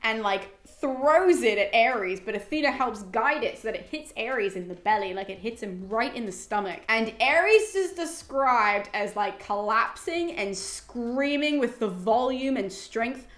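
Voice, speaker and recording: A woman's voice: fairly high pitch, unhurried, few pauses. Chatty young woman summarizing a book. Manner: chatty, animated, many fillers. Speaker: host. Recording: roomy echo.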